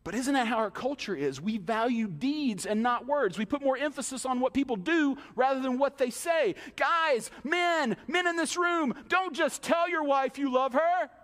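A man with a very high, light voice preaching to his congregation, driving home points with rhetorical questions and playful acted-out asides. His words ring through a church hall with a long reverb. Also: expressive, moderate pace, few pauses, a bit bright. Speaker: pastor. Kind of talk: sermon.

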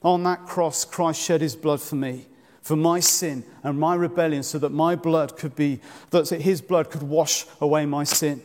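A man preaching a sermon in earnest, measured tones, asking the congregation direct questions. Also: a little high, a little mellow. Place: church. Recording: long church reverb.

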